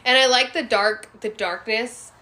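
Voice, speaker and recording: Bright-voiced woman chatting casually on a podcast. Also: a little high, a little slow. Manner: blunt, profane, laughs often. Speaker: podcast co-host. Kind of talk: casual chat.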